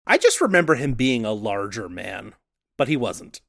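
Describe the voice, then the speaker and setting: A man's voice: mid-range voice, very animated, normal speed, gravelly, fairly bright tone, no room sound, clean studio sound. A man co-hosting a podcast, laughing easily and bantering in casual chat. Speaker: podcast co-host.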